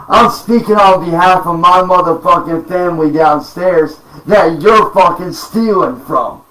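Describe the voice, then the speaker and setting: A man rants furiously and swears constantly, his voice pitched high for a man and his words dragged out slowly for emphasis. He sounds a little away from the microphone in an echoey room at home. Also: fairly bright tone, far from the mic. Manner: profane, threatening, slow emphatic delivery. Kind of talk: angry rant to camera. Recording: roomy sound, off-mic.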